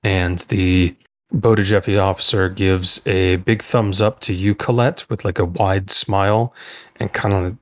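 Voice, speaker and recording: A man narrating as game master of a tabletop role-playing game, in loose, halting speech full of fillers. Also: deep voice, steady tone.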